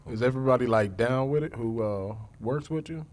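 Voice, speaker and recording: A man co-hosting a podcast, asking quick, teasing, curious questions. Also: mid-range voice, darkish tone. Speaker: podcast co-host. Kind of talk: casual podcast conversation.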